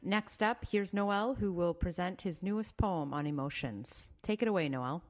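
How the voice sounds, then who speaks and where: A woman with a fairly low voice presents a community radio show. She links segments in a relaxed, chatty manner and lets small fillers slip between her remarks. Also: moderate pace.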